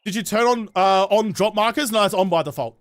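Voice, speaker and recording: A young Australian man streams a game and riffs with his chat, swearing freely and rambling sarcastically. His voice sits high for a man, and the sound is close and dry with no room around it. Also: a little fast, no room sound. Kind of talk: casual gameplay livestream chat.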